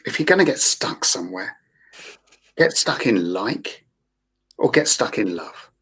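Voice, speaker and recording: A man's voice: lowish voice, big pitch swings, unhurried, a bit bright, husky. A man with a London accent, a therapist talking through ideas in a casual group discussion, rambling and emphatic. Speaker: guest therapist.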